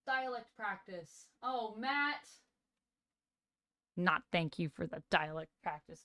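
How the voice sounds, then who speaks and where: A woman's voice: mid-range voice, expressive, slow, long pauses, bright, forceful tone, no echo. A woman chats on a live stream in a mid-range voice, upbeat and playful, laughing often as she thanks viewers and reads their messages aloud. She moves around while doing exercises. The sound is dry and close. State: moving around during exercise. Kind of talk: casual live-stream chat.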